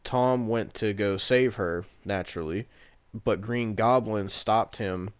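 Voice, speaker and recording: Low-voiced man rambling through a retelling. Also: takes it slowly, clean tone, no echo. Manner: rambling, heavy use of "like" fillers, casual swearing. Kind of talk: casual chat retelling a movie plot.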